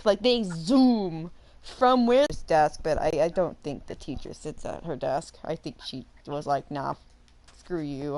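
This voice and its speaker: A young adult woman hosting a gaming channel, telling a rambling story while she plays, animated and full of fillers and laughter. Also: mid-range voice. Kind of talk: casual storytelling while playing a game.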